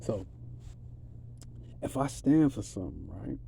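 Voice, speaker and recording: A man's voice: lowish voice, lively intonation, slow pace, vocal fry, dark tone, a little hiss or hum. A man giving a rambling, streetwise spiritual monologue in a casual, preachy way. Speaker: vlogger.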